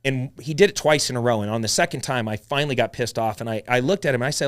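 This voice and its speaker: A man telling his story as a podcast guest, blunt and animated, swearing freely as he talks. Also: mid-range voice, quick pace, few pauses. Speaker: podcast guest, real estate investor. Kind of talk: casual storytelling chat.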